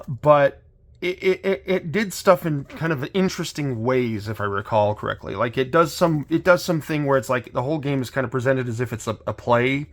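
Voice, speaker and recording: A middle-aged man hosting a casual unboxing chat, his voice a little hoarse, talking in a rambling, hesitant way with many restarts. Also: mid-range voice, a bit bright. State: slightly hoarse. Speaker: channel host.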